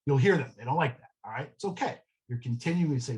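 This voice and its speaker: A man's voice: medium pitch, expressive, fast, darkish tone, low-quality recording. A man giving a real estate sales training talk, telling a story in a conversational way and checking in with the room often. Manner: conversational storytelling, frequent "okay?" check-ins.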